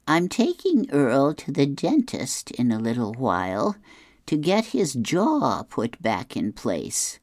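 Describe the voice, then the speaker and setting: A woman voicing a matter-of-fact older wife from a comic strip, calmly explaining. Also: very deep voice, slow pace, dry recording, studio quality, voice pushed up, exaggerated voice.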